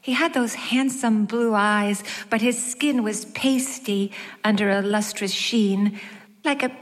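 Unhurried woman narrating wryly. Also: medium pitch. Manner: wry, measured, lightly self-mocking. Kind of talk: first-person audiobook narration. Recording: long hall reverb.

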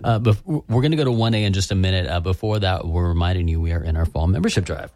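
A male public radio host with a very deep voice, recorded dry and close with no room sound. He rambles a little, fills gaps with "uh", and jokes about his own mistakes. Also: fast talker, warm tone, no room sound. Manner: self-deprecating, rambling, with fillers. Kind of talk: on-air radio banter.

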